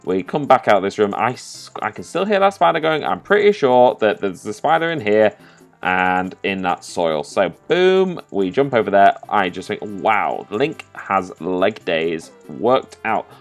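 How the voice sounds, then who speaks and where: A man giving casual, sweary commentary over a video game, bursting into loud, excited outbursts. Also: fairly low pitch, measured pace, gravelly, soft background music. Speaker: gaming commentator. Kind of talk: post-play game commentary.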